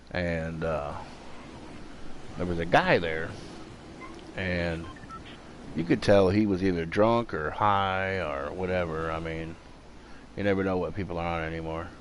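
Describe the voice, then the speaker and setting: A little hiss or hum sits under this low-pitched man's voice as he streams a game from a room at home. His casual chat rambles, full of fillers and restarts.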